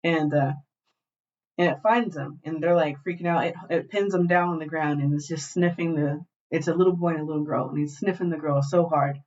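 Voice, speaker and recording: A woman co-hosting a podcast, retelling a show in animated, profane casual chat. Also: deep voice, a little fast. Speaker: podcast co-host. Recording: dull lo-fi glitchy recording.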